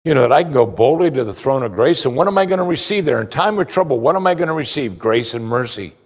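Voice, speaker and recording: A man preaching a sermon, emphatic and animated, asking rhetorical questions. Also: medium pitch, fast talker. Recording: long hall reverb.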